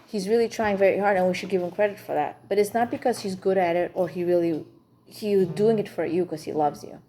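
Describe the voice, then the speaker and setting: A woman's voice: medium pitch, brisk, dark tone, a little hiss or hum. A woman teaching an informal class for women on marriage, chatty and frank, with humor.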